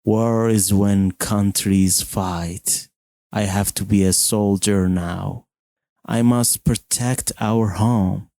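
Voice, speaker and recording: A man voicing a calm, serious soldier father in a slow, plain read of a simple story. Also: lowish voice, no room sound.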